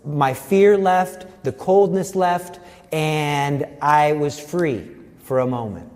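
A man's voice: on the high side, takes it slowly, a little mellow, in a large hall. A man giving an earnest personal faith testimony, telling his story vividly.

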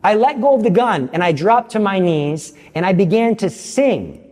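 A man telling a faith story to an audience with self-mocking humor, his voice jumping high whenever he quotes someone. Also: moderate pace. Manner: animated, jumps high for quoted lines. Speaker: Catholic speaker. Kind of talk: storytelling talk. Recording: long hall reverb.

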